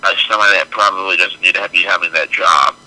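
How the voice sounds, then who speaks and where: Casting: male podcast co-host, low and very bright voice, hesitant but blunt. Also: fairly even intonation, fast talker, rough recording. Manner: hesitant, lots of fillers, blunt opinions. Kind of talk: casual chat.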